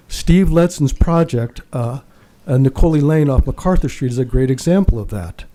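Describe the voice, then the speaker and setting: A man speaks at a council chamber podium, earnest and emphatic, clearly reading from prepared notes. His voice is mellow and warm. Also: a little high. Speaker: public commenter. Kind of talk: prepared public comment at a council meeting.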